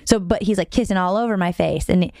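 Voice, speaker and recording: A young woman co-hosting a podcast and telling a long personal story in an animated, quick way, often breaking into laughter. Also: mid-range voice, no echo, clean studio sound. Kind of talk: casual storytelling chat.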